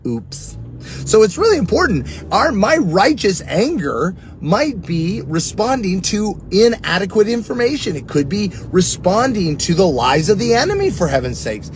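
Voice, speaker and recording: A middle-aged man teaching earnestly on prayer, preaching in a conversational way and telling personal stories. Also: moderate pace. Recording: steady rumbling background noise.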